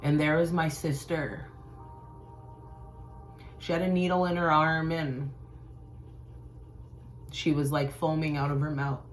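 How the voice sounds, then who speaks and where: A woman who hosts a spiritual channel tells a personal story loosely and conversationally, animatedly acting out the voices of the people in it. Her voice is low and slow, with long pauses and slight background noise.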